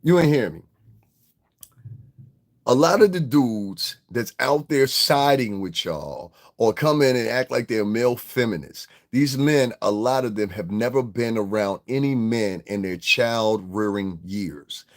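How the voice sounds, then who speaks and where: A man's voice: medium pitch, expressive, a little slow. A man hosting a livestream, ranting bluntly and profanely straight at his chat and slipping into mocking voices of others. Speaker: online show host. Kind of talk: casual livestream rant.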